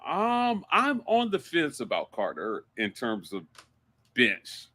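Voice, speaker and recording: A man co-hosting a sports podcast, animated and excitable, jumping in often on a close mic. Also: medium pitch, takes it slowly. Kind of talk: casual sports talk.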